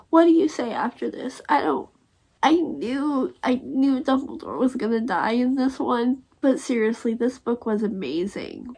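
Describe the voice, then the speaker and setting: A woman's voice: on the high side, breathy edge. A young woman talking casually and emotionally about a book she is reading, gushing and swearing freely as a book vlogger.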